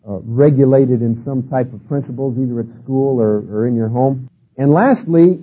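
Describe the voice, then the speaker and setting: Slightly high, dark, and a bit rough, his voice comes through tinny, phone-like old tape. Delivering a sermon-style lecture, he tells stories folksily, leaning heavily on fillers like "uh" and "you know."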